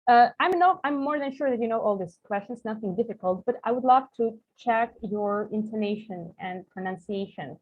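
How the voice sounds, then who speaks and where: This English tutor for coaches, a woman with a Russian accent, teaches an online lesson, giving examples and leaning heavily on "like." Her slightly high voice has lively intonation and a moderate pace with hardly any pauses. It's husky and comes through a tinny video-call line.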